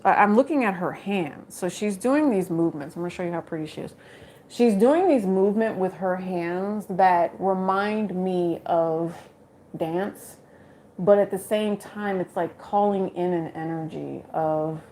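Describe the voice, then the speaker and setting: A woman's voice: mid-range voice, moderate pace, darkish tone, slight background noise. A woman giving a casual live tarot reading, chatty and joking with viewers and laughing often. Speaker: tarot card reader.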